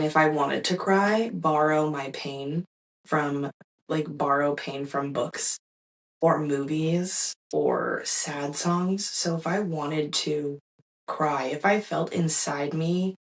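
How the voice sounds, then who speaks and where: A young woman hosting her own podcast, telling a personal story in a candid, reflective way with soft laughs and fillers. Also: low voice, a little slow, recorded from a distance, low-quality recording. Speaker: podcast host.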